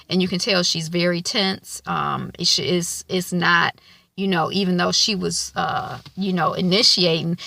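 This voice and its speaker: A woman's voice: on the low side, steady tone, unhurried, vocal fry, bright, forceful tone, no room sound. A woman giving a casual spoken recap of a TV episode, chatty and loose, with many filler ums. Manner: colloquial, loose grammar. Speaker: TV episode reviewer.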